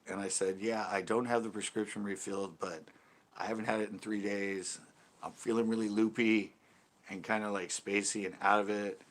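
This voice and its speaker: A man's voice: lowish voice, a bit bright. A man hosting a casual video chat, telling a rambling story with many restarts and self-corrections. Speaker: channel host talking to live chat. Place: home porch.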